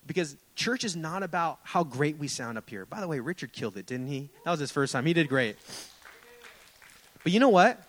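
A man's voice: mid-range voice, fairly bright tone, low-quality recording. A young adult man preaching a sermon in a church sanctuary, impassioned and rising and falling in emphasis. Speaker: pastor.

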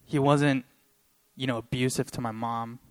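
A young man giving a sermon and sharing a personal story, talking earnestly and haltingly with many pauses, choked up with emotion. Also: medium pitch, fairly even intonation, clean tone. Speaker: preacher.

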